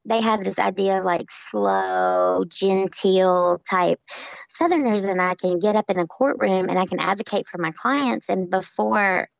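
A woman from Memphis, Tennessee with a Southern accent, a social worker telling stories in a remote interview, lively and laughing often. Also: medium pitch, unhurried, vocal fry, dry recording, poor audio. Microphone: online call.

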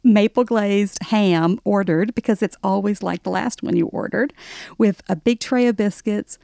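Wry Southern woman, gravelly dark voice. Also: mid-range voice, moderate pace, no room sound, clean studio sound. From American South, Alabama. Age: middle-aged. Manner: wry, self-deprecating humor. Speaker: author guest. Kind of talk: conversational interview.

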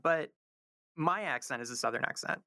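A man's voice: a little high, lively intonation, normal speed, pushed and bright, dry recording. A man from the American South, a linguistics professor, answering radio interview questions thoughtfully with many fillers and restarts. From American South, North Carolina.

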